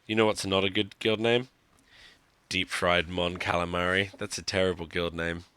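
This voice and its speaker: A man's voice: deep voice, flat delivery, normal speed, sharp tone, clean tone, no echo. A man giving live commentary on a mobile game he is playing, talking to himself in a wry, joking, self-mocking way. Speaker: gaming streamer.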